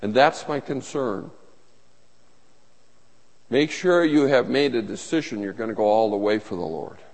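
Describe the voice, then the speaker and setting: A man's voice: medium pitch, measured pace, a little mellow. A man preaching a sermon as pastor, earnest and emphatic, often repeating his phrases. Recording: long reverb of a large hall.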